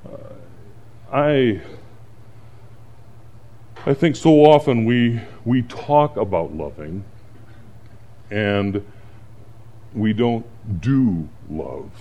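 A man's voice: fairly low pitch, extremely slow, pauses often, dull audio. A middle-aged man, a pastor, preaching a sermon and telling stories from his week. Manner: storytelling, animated when acting out panic.

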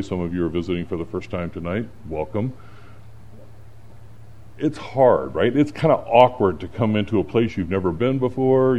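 Through a lo-fi recording, a middle-aged pastor with a lowish voice delivers a sermon built around stories from his week. He tells them with a storyteller's touch and gets animated when acting out moments of panic.

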